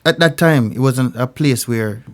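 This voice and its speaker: Jamaican male singer, interview guest, animated storyteller, mid-pitched. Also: measured pace. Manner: animated, acts out voices in stories.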